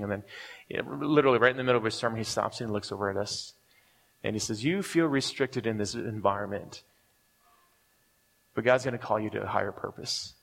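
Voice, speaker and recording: A man's voice: medium pitch, a bit bright. A man in his forties preaching a sermon, telling his own story with many restarts and fillers. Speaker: pastor. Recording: long reverb of a large hall.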